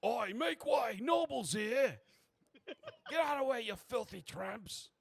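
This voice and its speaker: A man's voice: very high-pitched, animated, unhurried, no echo, pitched above the performer's own voice, full character voice. A man voicing a rude male bathhouse doorman who barks at the crowd to make way. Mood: gruff. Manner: loud, gruff, barking orders.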